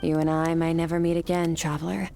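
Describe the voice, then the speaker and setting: An actress voicing an aloof, powerful swordswoman mentor who speaks calm, clipped and matter-of-fact. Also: low-pitched, a little fast, creaky. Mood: cool.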